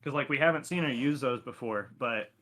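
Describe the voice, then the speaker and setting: A man's voice: medium pitch, fairly quick, bright, forceful tone. A man co-hosting a podcast, recapping an episode in casual, profane chat and laughing a lot. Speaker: podcast co-host.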